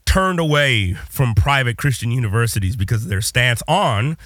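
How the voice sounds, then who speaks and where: A man hosts a relaxed podcast chat, rambling and animated, often restarting his sentences. His voice sits at an ordinary mid pitch, recorded up close and dry, with no room echo. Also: normal speed. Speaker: podcast host and communications professor. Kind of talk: casual podcast conversation.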